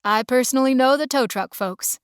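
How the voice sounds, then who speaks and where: A woman's voice: sits high, a little fast, clear, resonant tone, no room sound, clean studio sound, lightly acted. A woman voicing a friendly young small-town male mechanic with a slight country drawl, easygoing and folksy.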